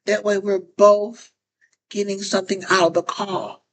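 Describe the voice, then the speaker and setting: A woman's voice: medium pitch, level tone, unhurried, slight background noise, poor audio. A woman giving casual talk-to-camera advice as a phone chat operator, often repeating phrases and restarting sentences.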